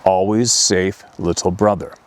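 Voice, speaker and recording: A man voicing a gentle, protective hairy forest beast with a rough, stern voice in a spoken story. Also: deep voice, steady tone, a little slow.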